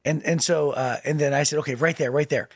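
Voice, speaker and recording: A man's voice: on the high side, fast, no room sound, studio quality. A man co-hosting a podcast, telling a personal story in casual chat with lots of laughs. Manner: storytelling, animated, laughs often. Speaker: podcast co-host.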